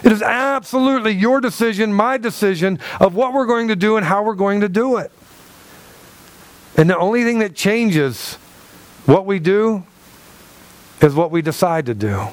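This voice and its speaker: A male pastor preaching a conversational sermon to his church, with asides, rhetorical questions and laughter. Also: high-pitched. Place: church hall.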